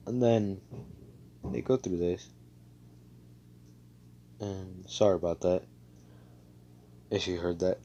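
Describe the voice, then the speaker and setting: A man's voice: low voice, steady tone, slow, pauses often, mellow, slight background noise. A man casually telling an improvised fan story over a voice call, rambling and profane, full of fillers and self-corrections. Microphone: computer mic on a voice call.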